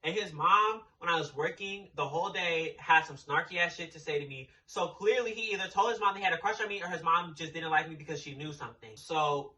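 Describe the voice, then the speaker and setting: A man's voice: on the high side, fairly quick, bright, forceful tone, recorded from a distance, muffled recording. A young man telling a storytime in a blunt, sassy way, swearing freely. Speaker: storytime vlogger. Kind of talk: casual storytime.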